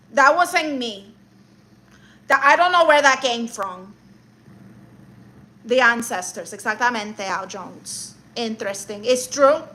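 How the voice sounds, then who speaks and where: A woman's voice: fairly high pitch, sharp tone, rough recording. A woman live streaming, reading viewer messages and roasting them in a sassy, mock-arrogant way, dropping Spanish words.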